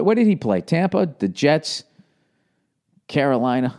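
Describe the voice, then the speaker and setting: A low-ish, animated voice moving fairly quickly belongs to a Boston-accented podcast host in his forties. Hosting solo and casually, he rambles with heavy swearing and shouts out movie-gangster impressions.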